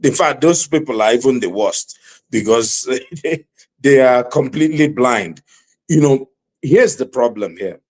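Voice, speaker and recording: A man's voice: medium pitch, animated, a little slow. A man from Nigeria hosting a panel talk show, hedging with lots of "you know" as he steps into the debate.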